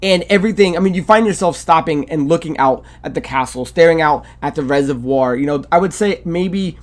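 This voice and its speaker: A man's voice: on the high side, fairly quick. A man co-hosting a casual game review chat, rambling with many fillers and restarts. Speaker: video game podcast co-host.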